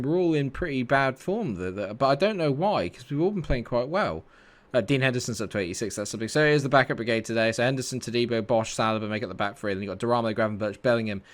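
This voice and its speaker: A man commentating his own football video game as he plays, swinging from loud excited outbursts to muttered low asides. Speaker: gaming YouTuber.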